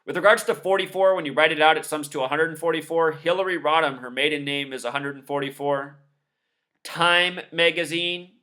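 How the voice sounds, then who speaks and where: A man's voice: a little high, pushed and bright. A man giving a scornful, emphatic commentary monologue, listing numbers one after another. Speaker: video commentator. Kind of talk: monologue over news clips.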